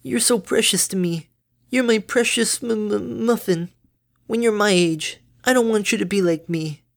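A woman's voice: mid-range voice, moderate pace, vocal fry, pitched above the performer's own voice, lightly acted. A woman voicing a clumsy, doting mother pony who stammers over her words in a fan fiction reading. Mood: tender. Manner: stammers on words, bubbly and tender.

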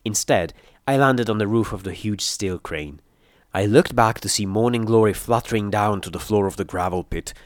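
A man reading an action story aloud in first-person narration, with steady, dramatic storytelling. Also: lowish voice, moderate pace, no echo, studio quality. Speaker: audiobook reader.

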